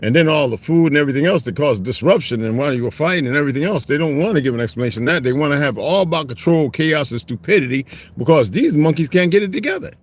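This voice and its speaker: Animated, profane man telling stories. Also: a little high, fast talker, few pauses. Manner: profane, rambling, animated storyteller. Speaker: host reading aloud and commenting. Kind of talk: casual storytelling monologue.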